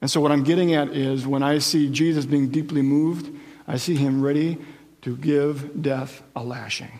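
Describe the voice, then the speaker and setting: A man's voice: on the high side, steady tone, moderate pace, a little mellow, in a large hall. A man preaching a sermon as pastor, explaining scripture in a conversational way and checking in with his listeners.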